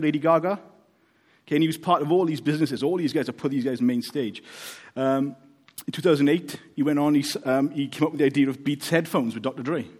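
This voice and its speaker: A Welsh man preaching a casual, joking sermon, often checking in with the congregation. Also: on the high side. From Wales. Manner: chatty, joking, checks in with "okay?".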